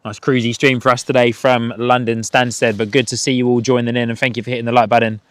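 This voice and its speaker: A man's voice: mid-range voice, level tone, quick pace, smooth, dry recording. A man hosting a casual live stream outdoors at an airport, chatting, laughing often and reading out chat messages.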